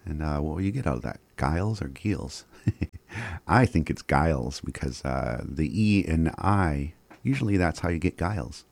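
Low-voiced, easygoing male radio host. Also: animated, moderate pace, vocal fry, no echo. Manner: easygoing, chuckles often, stumbles over words. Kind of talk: casual radio announcements. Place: radio studio.

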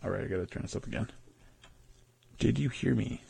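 A man casually teaching words of the day, slowly sounding out each word and repeating it several times. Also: mid-range voice, creaky, mellow, soft background music. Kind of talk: casual vlog word lesson.

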